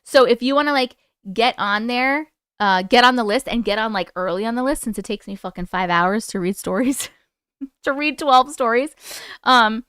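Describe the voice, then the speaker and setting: A young woman hosting a casual livestream, chatty and excitable with her viewers and swearing freely. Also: fairly high pitch, moderate pace, smooth, no room sound, clean studio sound. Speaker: livestream host.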